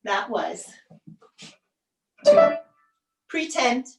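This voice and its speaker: Woman solo performer, slow wry monologue, roomy stage sound from afar. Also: a little high, very animated, vocal fry, distant mic, loud music behind the voice. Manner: measured, wry, pausing for effect. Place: theater stage.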